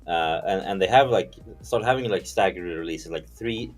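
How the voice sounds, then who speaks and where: Low-voiced rambling man on a gaming panel. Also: normal speed, soft background music. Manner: rambling, lots of "like" and "uh" fillers. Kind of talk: casual panel chat.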